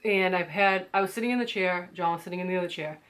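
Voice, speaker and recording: A woman's voice: on the low side, fast talker, a bit bright. A young American woman casually telling a story to her viewers, full of "like" and acted-out quotes. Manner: chatty, lots of "like", acts out quotes. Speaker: vlogger.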